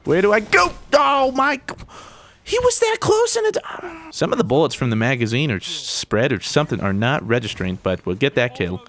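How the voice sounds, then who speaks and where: A man giving jokey, excitable gameplay commentary, full of mild exclamations. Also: medium pitch, brisk. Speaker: gaming YouTuber.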